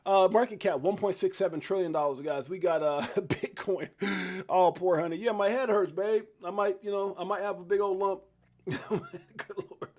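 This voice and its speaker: A man hosts a casual crypto live stream in a notably high-pitched voice. He rambles from one thought to the next, laughs easily and jumps into loud excited outbursts. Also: normal speed. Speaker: crypto livestream host. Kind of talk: casual live-stream chat and market rundown.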